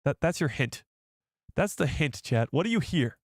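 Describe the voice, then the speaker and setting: A man hosting a live stream, chatting casually with his audience in an excitable, rambling way. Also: fairly high pitch, moderate pace, background noise. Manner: excitable, rambling, talks to the chat.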